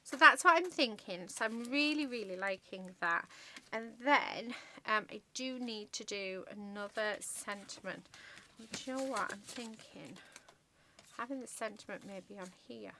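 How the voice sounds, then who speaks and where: A woman's voice: fairly high pitch, a little slow, pushed and bright, a little hiss or hum. A woman chatting casually through a card-making tutorial, gushing over her work with many ums and murmured asides. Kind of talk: casual crafting tutorial chat.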